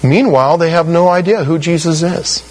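A man's voice: a little high, moderate pace, darkish tone, faint music behind, poor audio. A male pastor preaching an expository sermon in a conversational, emphatic way, often saying "you know". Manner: conversational and emphatic, with frequent 'you know'.

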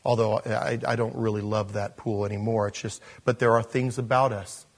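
A man preaching a sermon in an animated, self-deprecating way, chuckling and acting out voices when he quotes people. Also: on the low side, normal speed. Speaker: pastor.

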